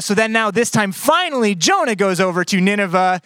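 A man preaching a lively sermon, joking with the crowd and acting out the story in voices. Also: sits high, fairly quick, clean tone, no echo. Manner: playful, animated storytelling with acted-out voices. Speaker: pastor. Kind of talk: sermon with audience skit.

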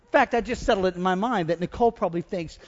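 A male pastor preaching a humorous storytelling sermon, animated and joking, rising into loud exhortation. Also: high voice, very fast, big-room sound, lo-fi sound. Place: church with congregation.

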